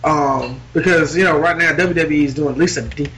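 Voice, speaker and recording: A man's voice: on the high side, a little fast, a bit bright, a little hiss or hum. A man chatting casually about wrestling as a podcast co-host, rambling with lots of fillers. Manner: rambling, many fillers, laughs often.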